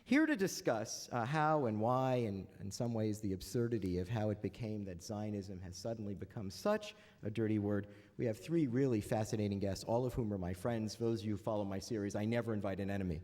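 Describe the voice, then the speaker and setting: Speaking fairly quickly with hardly any pauses, a man with a lowish, slightly mellow voice moderates a panel in a large lecture hall. He begins with dry jokes and wry asides, though his lines stay hesitant and full of "uh"s, and the hall's echo is audible.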